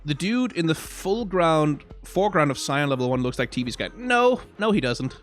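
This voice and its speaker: A man's voice: a little high, expressive, normal speed, faint music behind. A man giving casual live-stream commentary on game card art, rambling with many restarts, frank and self-deprecating.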